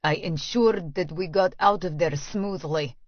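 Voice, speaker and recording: A woman reading puts on a stern Russian man in an audiobook. His lines sit low and slow, clipped and menacing. The recording is dry and a little dull. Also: no room sound.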